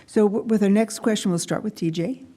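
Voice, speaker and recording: A woman's voice: mid-range voice, brisk, warm tone. A woman moderating a candidate forum, reading questions briefly and politely.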